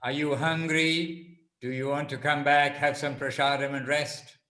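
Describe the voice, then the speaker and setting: A man's voice: a little high, flat delivery, a little slow, sharp tone, echoey room. A man politely speaking to a teacher and guiding the group onward.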